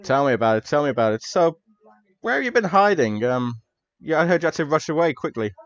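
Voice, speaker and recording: A man's voice: a little high, very animated, fast, dry recording. A man playing a sociable, chatty male professor who is fond of a drink, over slightly dull audio. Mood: friendly. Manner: chatty and hospitable, trailing off and restarting.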